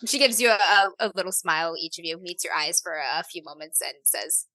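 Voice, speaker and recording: A woman's voice: fairly low pitch, brisk, few pauses, bright, forceful tone, dry recording, low-quality recording. A woman narrating a tabletop game as game master, chatty with laughing asides.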